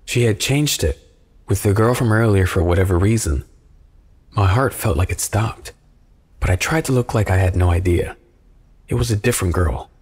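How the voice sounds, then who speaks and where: Guy reading a creepy true story, low voice, kinda husky, calm and steady. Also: moderate pace. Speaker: horror story narrator. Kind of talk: scripted first-person horror narration.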